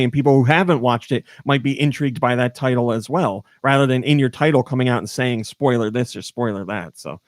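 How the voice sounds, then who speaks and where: A man's voice: mid-range voice, no echo. Man hosting a podcast, close dry mic. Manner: animated storyteller, laughs often. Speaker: podcast host. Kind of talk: casual chat.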